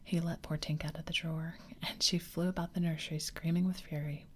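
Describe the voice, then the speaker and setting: A woman reading a children's story aloud in a slow, soothing ASMR whisper. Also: low-pitched, level tone, a little hiss or hum. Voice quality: breathy whisper.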